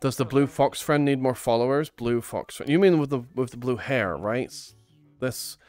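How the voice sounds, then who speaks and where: A man's voice: medium pitch, normal speed, darkish tone, soft background music. A man streaming live in virtual reality, chatting casually in a playful, affectionate, doting way.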